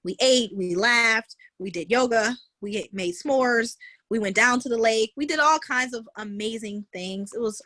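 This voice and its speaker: A woman guest telling a personal story in a conversation, animated and vivid, leaning on "like" and "honey". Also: on the high side, a little slow, no room sound. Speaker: guest, founder of a moms' group.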